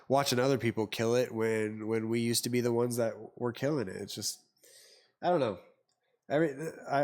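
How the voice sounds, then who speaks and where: Rambling man in casual chat. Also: fairly low pitch. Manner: rambling, heavy on fillers and restarts, swears. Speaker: podcast host.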